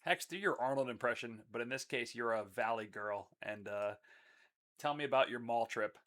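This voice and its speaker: A man's voice: mid-range voice, moderate pace, a bit bright. A man casually asking for impressions on a live stream. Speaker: stream viewer giving prompts. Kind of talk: casual chat.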